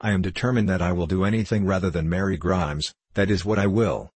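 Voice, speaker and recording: A spirited, innocent young gentlewoman, read by a man who earnestly protests her case. His own low, husky voice carries the lines. The sound is close and dry. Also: fairly even intonation, fairly quick, no room sound. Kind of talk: audiobook character reading.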